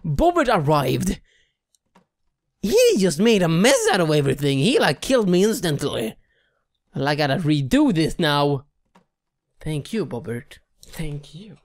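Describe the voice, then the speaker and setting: A woman giving gameplay commentary, excitable, shrieking and swearing often. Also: low voice, normal speed. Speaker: let's play gamer.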